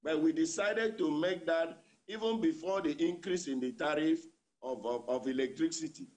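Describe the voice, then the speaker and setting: A man's voice: fairly high pitch, normal speed, darkish tone. A man with a Nigerian accent, a labour union leader answering a news interviewer by remote line, repeating his points for emphasis.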